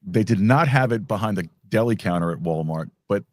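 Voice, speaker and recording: A man's voice: fairly low pitch, animated, a little fast, dry recording, studio quality. A man hosting a podcast, chatting casually and rambling with lots of restarts and fillers. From New York. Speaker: podcast host. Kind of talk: casual conversation.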